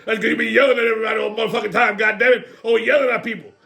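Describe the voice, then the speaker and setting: A man's voice: sits high, fairly even intonation, very fast, creaky, heavily acted. A man voicing a cranky, foul-mouthed old man who hurls insults. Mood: angry. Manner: loud, insulting, profane.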